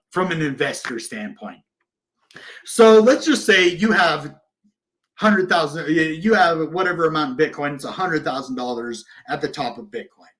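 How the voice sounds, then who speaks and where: A man hosting a crypto livestream and talking straight to his viewers. His voice sits a little high, and he gets excited and passionate, jumping between loud bursts and quieter asides. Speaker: crypto channel host. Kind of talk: casual livestream talk.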